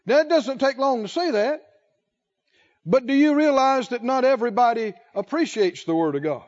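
A man preaching a sermon, speaking slowly and emphatically, drawing out key words and putting questions to the congregation. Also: very high voice, expressive, a little mellow, muffled recording.

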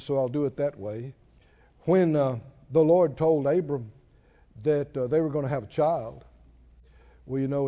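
A man preaching a sermon, emphatic and animated, who laughs at his own asides. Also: a little high. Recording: long hall reverb, dull sound.

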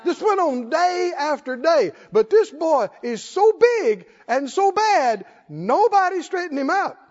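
A man's voice: very high voice, big pitch swings, unhurried. A man preaching a sermon, telling the story in a folksy, humorous way and laughing often, recorded in a church. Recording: dull lo-fi recording in echoey hall.

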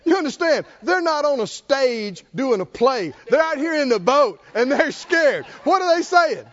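A man's voice: extremely high pitch, a little slow, muffled recording. A man preaching a sermon, asking the congregation questions and chuckling often. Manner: animated call-and-response preaching, chuckling often. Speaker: pastor.

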